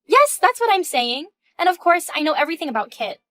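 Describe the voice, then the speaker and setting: A woman's voice: sits high, expressive, brisk, fairly bright tone, no echo, voice pushed up. A woman doing a smug, taunting young mistress. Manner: taunting, condescending. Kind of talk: reading a text-message story.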